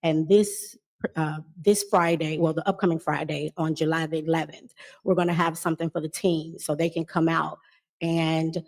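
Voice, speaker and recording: Woman announcing community events at a meeting, low and kinda monotone, lots of ums. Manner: steady, many filler pauses.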